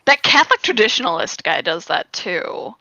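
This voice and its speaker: A woman chatting on a video call, making dry, wry asides. Her voice is bright with an animated range. The dry, dull audio has a lo-fi call sound. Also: lowish voice, normal speed. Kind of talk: casual chat.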